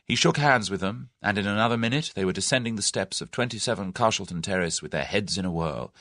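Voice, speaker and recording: A man narrating an audiobook novel in an expressive, measured storytelling manner. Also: sits low, no room sound, studio quality.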